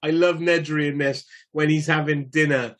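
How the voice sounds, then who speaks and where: A man's voice: a little high, steady tone, normal speed, a bit bright. A man co-hosting a podcast, rambling casually about films and what irks him. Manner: rambling, easily irked. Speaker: podcast co-host. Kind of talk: casual film chat.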